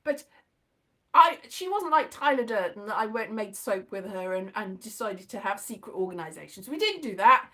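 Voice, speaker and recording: A woman's voice: mid-range voice, sing-song, moderate pace, bright, forceful tone. A woman telling a rambling travel anecdote in a casual vlog, with many restarts and asides.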